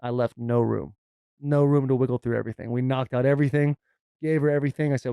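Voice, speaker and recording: A man in his thirties, a podcast co-host, chatting casually and telling animated stories with acted-out quotes. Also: mid-range voice, fast talker, creaky, smooth, dry recording, clean studio sound. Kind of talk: casual chat.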